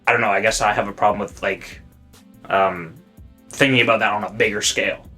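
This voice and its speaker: A young man from South Africa, now speaking with a Canadian accent, co-hosting a podcast in a rambling, animated way with plenty of swearing. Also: brisk, faint music behind. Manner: rambling, animated, swearing, jumps high when worked up. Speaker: podcast co-host. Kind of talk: casual podcast chat.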